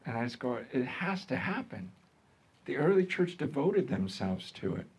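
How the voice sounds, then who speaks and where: A middle-aged American man preaching a sermon in a conversational, lively way, with frequent fillers and restarts. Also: sits high, moderate pace, husky. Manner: conversational, lively, laughs with the congregation. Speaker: pastor.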